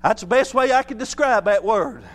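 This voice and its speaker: A man preaching an exuberant church sermon, swinging between loud shouts and quiet, soft passages. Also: sits high, expressive, normal speed. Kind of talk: Pentecostal-style sermon.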